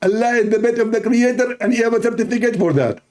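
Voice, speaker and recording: A man's voice: extremely high pitch, fast talker, a little mellow, voice pushed up. A man putting on a smug, self-assured male debater who keeps repeating the same stock opening. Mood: pompous.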